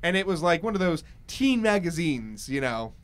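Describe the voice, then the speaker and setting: A man hosting a casual podcast chat, an excitable storyteller who laughs often. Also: on the high side, moderate pace. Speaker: host.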